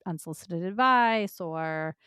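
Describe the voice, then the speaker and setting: A woman's voice: fairly low pitch, unhurried, bright, forceful tone, clear, resonant tone, no room sound, studio quality. A woman hosting a podcast, talking earnestly and with empathy about clients she counsels. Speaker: podcast host, lactation consultant. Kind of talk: podcast conversation.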